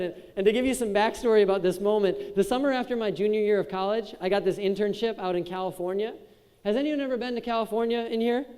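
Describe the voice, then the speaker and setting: A man's voice: high voice, a little mellow. A young man in his twenties from Wisconsin giving a casual, joking motivational speech to a youth crowd and chatting with the audience. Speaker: keynote speaker. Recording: echoey hall with long reverb.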